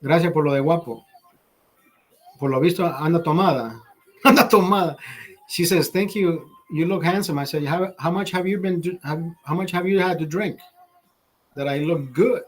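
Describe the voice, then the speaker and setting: A man from Honduras, hosting a casual livestream in Los Angeles, California, rants with lots of profanity and alternates between English and Spanish. His voice is a little high and moves at normal speed.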